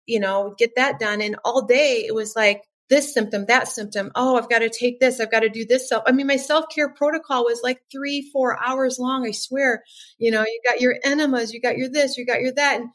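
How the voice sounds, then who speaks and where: A woman's voice: a little high, fairly even intonation, normal speed, fairly bright tone. Earnest woman telling her story. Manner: earnest storytelling, acts out her own past thoughts. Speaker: podcast guest, nervous system coach. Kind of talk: casual interview chat.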